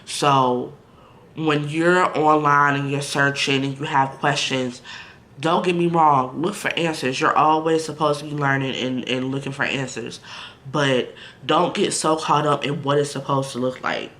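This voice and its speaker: A man with a fairly high, sharp voice talks a little slowly and keeps his tone steady. As a vlogger, he speaks bluntly and candidly into the camera in a casual style, peppering his speech with "like" and "you know" and tossing asides to viewers.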